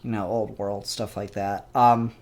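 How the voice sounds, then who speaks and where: A man's voice: fairly low pitch, little pitch movement, measured pace, a little mellow. Chatty young man reviewing comics. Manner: rambling, chatty and upbeat. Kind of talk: casual spoken review.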